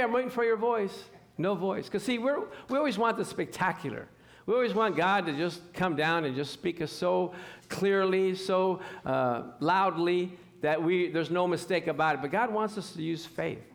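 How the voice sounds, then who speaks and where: A man preaching a sermon, animated and acting out scripture scenes as he teaches. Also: fairly high pitch.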